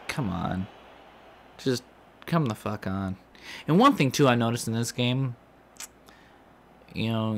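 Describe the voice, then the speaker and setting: A man's voice: lowish voice, a little hiss or hum. A man commentating his own video game play, swearing and ranting in frustration at the game. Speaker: gaming commentator.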